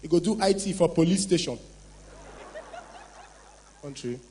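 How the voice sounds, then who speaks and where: A man's voice: fairly high pitch, animated, measured pace, mellow, rough recording. A man with a Nigerian accent doing a stand-up comedy routine, telling punchy stories in Pidgin and English.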